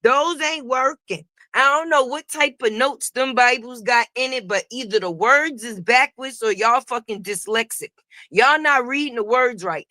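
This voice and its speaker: Profane high-voiced woman gossip host. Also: no echo, studio quality. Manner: profane, animated, talks straight to viewers. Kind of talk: casual gossip commentary.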